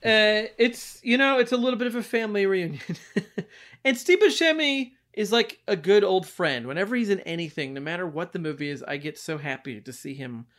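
Podcast co-host: a higher-pitched man, lively and quick to laugh, chatting about movies. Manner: animated, laughs often, mocks accents. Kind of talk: casual movie review chat.

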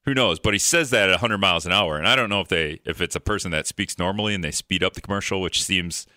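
A man's voice: low voice, fast, sharp tone, no echo, studio quality. A man hosting a call-in radio talk show, rambling in a joking way and acting out exasperated reactions.

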